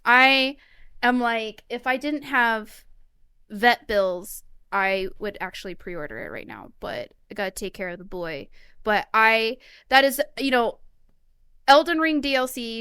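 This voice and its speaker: A woman's voice: mid-range voice, normal speed, sharp tone, smooth, dry recording, clean studio sound. A woman co-hosting a casual gaming podcast, ranting with heavy profanity. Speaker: podcast co-host. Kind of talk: casual chat.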